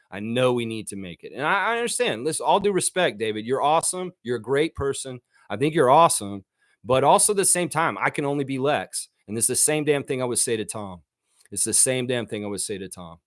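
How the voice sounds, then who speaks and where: Feisty guy doing a live stream, swears a lot, pitch jumps all over, dry close mic. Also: fast talker, no echo. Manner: feisty, blunt, swears freely, lively swings in pitch. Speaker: livestream host reading chat. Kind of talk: casual live-stream chat.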